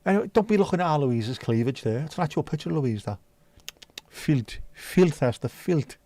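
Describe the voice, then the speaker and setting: A man's voice: a little high, big pitch swings, racing, dark tone, no room sound. A man hosting a casual livestream, chatty and jokey as he reacts to chat messages. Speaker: livestream host.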